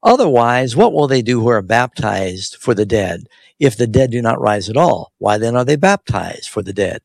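A man's voice: mid-range voice, very animated, normal speed, creaky, dry recording. A man who is a pastor hosting a live Bible call-in radio show, explaining scripture and reading verses aloud with emphasis.

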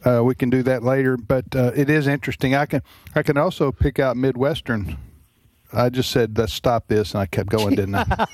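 A man's voice: mid-range voice, steady tone, moderate pace, a little mellow, dry recording. Chatty radio host man. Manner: rambling, chatty, self-deprecating. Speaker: radio talk show host. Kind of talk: casual radio chat. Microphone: studio microphone.

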